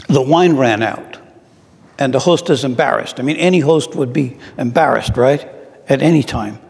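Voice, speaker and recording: Male preacher, middle-aged, unhurried and thoughtful, fairly high voice, long hall reverb. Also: darkish tone. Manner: slow, reflective, with rhetorical questions. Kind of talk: sermon.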